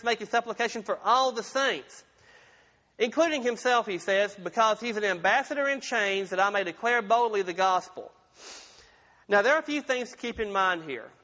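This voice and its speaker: A man's voice: high voice, sharp tone. A man pastor preaching a sermon in a folksy, conversational way with humorous asides, in a church sanctuary. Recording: long reverb of a large room.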